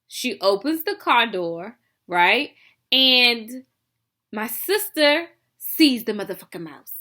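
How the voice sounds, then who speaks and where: A young woman tells a story on her vlog in a loose, chatty way, piling on fillers and side comments. Her voice sits a bit high and rings very bright. The delivery stays casual and animated throughout. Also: slow pace. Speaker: vlogger telling a story.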